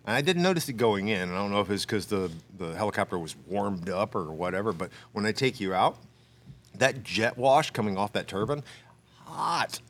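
Lively man telling a story. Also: on the low side, moderate pace. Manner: animated storyteller, acts out dialogue, laughs often. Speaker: podcast co-host telling a story. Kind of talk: casual storytelling chat.

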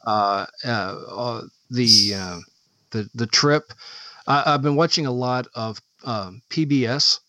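A man's voice: mid-range voice, slow, pushed and bright, dry recording. A man co-hosting a podcast in casual chat, rambling and searching for his words. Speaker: podcast co-host. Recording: dull, dry lo-fi podcast audio.

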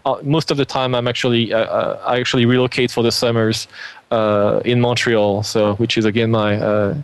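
A man with a French accent speaks in a casual interview, eager and loose, leaning on "you know" as he goes. His voice sits mid-pitch, and the sound is dry and close, with no room around it. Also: little pitch movement, moderate pace, clear, resonant tone, no echo. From France. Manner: lots of "you know" fillers, enthusiastic. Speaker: interview guest. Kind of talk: casual conversation. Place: home, Alabama.

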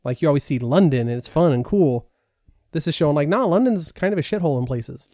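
A man's voice: on the high side, lively intonation, quick pace, dark tone, no echo, studio quality. A man co-hosting a podcast, talking casually with many fillers and restarts. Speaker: podcast co-host. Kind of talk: casual chat.

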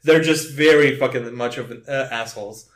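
A man's voice: mid-range voice, moderate pace. Casual swearing man in an echoey room. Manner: swears freely, laughs often, reads from notes. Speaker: podcast co-host. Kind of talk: casual chat.

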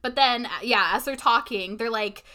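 A woman's voice: a little high, normal speed, sharp tone. A young woman co-hosting a casual chat, recapping a story and acting out the characters' lines. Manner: chatty, acts out characters' lines with swearing.

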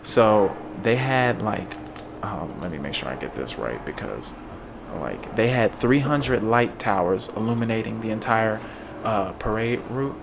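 A man's voice: on the low side, lively intonation, measured pace, vocal fry, background noise. A man hosting a casual podcast chat, telling news stories loosely, with swearing and laughter. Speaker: podcast host.

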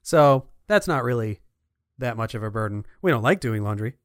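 A man's voice: medium pitch, animated, moderate pace, no echo, studio quality. A man co-hosting a podcast in casual chat, easygoing and chuckling, with playful voices for quotes. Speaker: podcast co-host.

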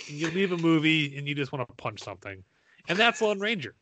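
A man co-hosting a casual movie talk, ranting with exasperation and swearing freely. His voice is bright and forceful, sitting a little high for a man. The sound is dry and close. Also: expressive, brisk, no echo. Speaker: podcast co-host. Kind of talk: casual movie-review chat.

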